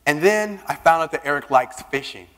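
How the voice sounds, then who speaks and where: Guy doing a keynote in a big echoey hall, storytelling style, bit of a higher voice. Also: a little fast. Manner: lively storytelling, acting out dialogue. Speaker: keynote speaker. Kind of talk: storytelling speech to an audience. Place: large conference hall. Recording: long reverb of a big hall.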